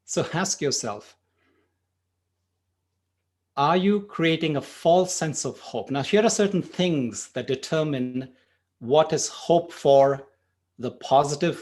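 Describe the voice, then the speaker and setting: A man's voice: fairly high pitch, darkish tone. A man teaching a meditation workshop, talking conversationally and telling stories, often saying "you know". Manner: conversational, frequent "you know", spurts of speed. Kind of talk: workshop talk with storytelling.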